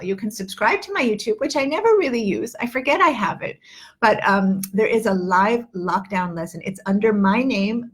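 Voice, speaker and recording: A woman's voice: mid-range voice, breathy edge. Chatty woman in her fifties teaching. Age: 50s. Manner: chatty, earnest, with many fillers and restarts. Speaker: English teacher and accent coach. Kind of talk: live online lesson.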